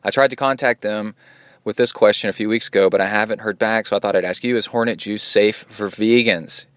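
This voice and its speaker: A man's voice: lowish voice, steady tone, fairly quick, a bit bright, no echo. A man hosting a podcast in a casual, joking, offhand way as he reads listener emails and answers them. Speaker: podcast host.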